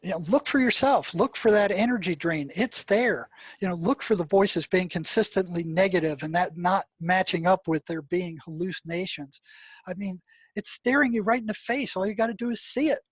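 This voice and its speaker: Brief: older male interview guest, slightly high voice, dry close sound, emphatic with lots of fillers. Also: normal speed, breathy edge, no echo. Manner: emphatic storyteller, many "I mean" and "you know" fillers. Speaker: guest, retired mental health practitioner. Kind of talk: storytelling interview talk.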